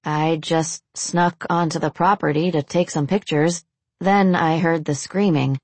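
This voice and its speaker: A man's voice: on the high side, steady tone, dry recording. A woman voicing a panicked young man out of his depth, blurting in a rush. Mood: bewildered. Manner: blurting, rushed.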